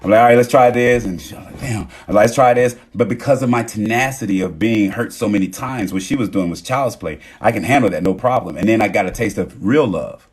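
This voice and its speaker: A young man talking casually on a live stream, rambling and emphatic as he acts out what others say. His voice has a husky, slightly rough edge. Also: fairly low pitch, quick pace, few pauses. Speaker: TikTok live host.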